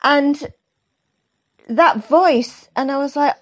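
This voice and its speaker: Lively woman. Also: high voice, slow. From England. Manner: lively, animated storytelling with laughs. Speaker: guest, actor and football fan. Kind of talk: casual podcast chat over a call. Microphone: remote call.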